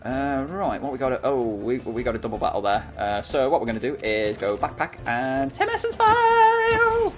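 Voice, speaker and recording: Excitable Australian gamer commentating. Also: male voice, mid-range voice, normal speed, faint music behind. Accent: Australian, Sydney. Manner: excitable, shouts at the game. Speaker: gaming channel host. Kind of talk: let's play commentary.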